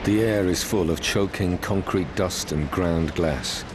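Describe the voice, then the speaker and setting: A man narrating a documentary in a measured, solemn, scripted delivery. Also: sits low, noisy background. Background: music.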